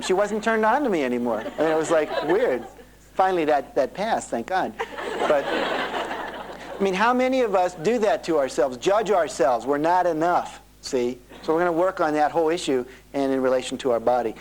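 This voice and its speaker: A middle-aged man leads a motivational seminar on an old cassette tape. His voice sits a little high, and he tells his stories with lively energy, slipping into the voices of the people in them. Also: noisy background. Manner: animated storytelling, acting out quoted voices. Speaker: seminar speaker. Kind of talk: motivational seminar talk to a live audience.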